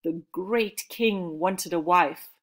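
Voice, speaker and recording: A woman reading a children's story aloud in a calm, measured way. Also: lowish voice.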